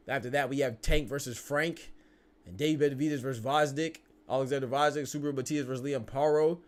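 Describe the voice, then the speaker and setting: Fast-talking man hosting a live stream. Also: medium pitch. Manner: chatty, tag questions, quick restarts. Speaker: boxing stream host. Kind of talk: casual live-stream talk.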